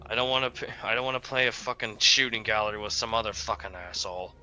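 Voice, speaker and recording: A man's voice: lowish voice, fast talker, music in the background. A man playing a tabletop game, brash and swearing freely. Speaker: player. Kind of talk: casual tabletop game talk.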